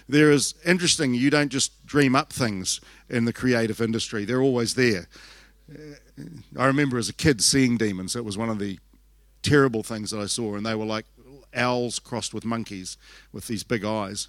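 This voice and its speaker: Rambling New pastor telling a story. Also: male voice, medium pitch, no echo. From New Zealand. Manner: rambling, animated storytelling with acted-out quotes and self-mocking asides. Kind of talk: conference sermon storytelling.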